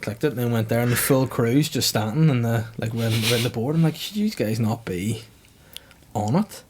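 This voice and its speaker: A man's voice: medium pitch, animated, noisy background. Sweary man in casual podcast banter. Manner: swears often, acts out other people in quick bursts.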